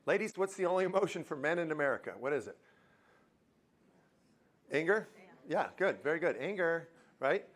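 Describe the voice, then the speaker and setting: A man's voice: fairly high pitch, moderate pace, pauses often. A man giving a live motivational talk in a university auditorium, joking and quizzing the audience. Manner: lively, jokey, quizzes the crowd. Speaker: motivational speaker.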